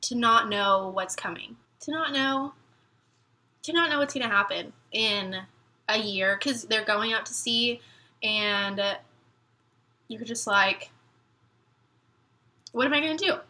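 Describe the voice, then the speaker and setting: A young woman vlogging about her fears as a military spouse, rambling and halting, near tears. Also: mid-range voice, pushed and bright. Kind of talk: emotional personal vlog talk.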